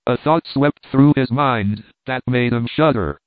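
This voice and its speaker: A man reads a novel aloud at a steady storytelling pace. His voice is mid-pitched, and the audio sounds narrow and tinny, like a phone line, with a dry, close sound. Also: a little slow, hardly any pauses, dry recording. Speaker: audiobook narrator.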